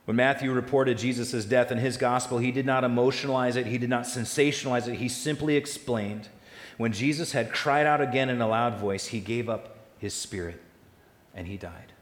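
Man, pastor, sermon, mid-pitched voice, booming lists then hushed key lines, echoey hall, long reverb. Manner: swells loud on lists, drops soft and slow on key lines.

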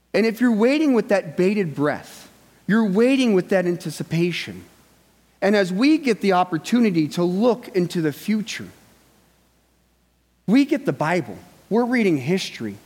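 In a large hall, a male pastor with a high-pitched, darkish voice delivers a sermon conversationally, often checking in with listeners through frequent "right?" asides.

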